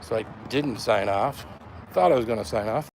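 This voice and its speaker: Talking into his phone camera up close in an upstairs room, the host of a hot-pepper channel chats with his live audience, calls out viewers by name and is slightly breathless. His voice is mid-range and a little mellow at a moderate pace, with slight background noise.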